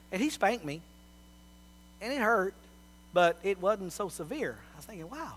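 High-pitched, bright-toned middle-aged male preacher. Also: lively intonation, normal speed, pauses often. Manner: folksy storytelling with big swings in loudness. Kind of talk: sermon.

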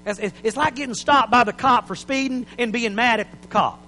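A man preaching an impassioned sermon in a church, building to shouts. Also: extremely high pitch, a little fast, big-room sound, a little hiss or hum, poor audio.

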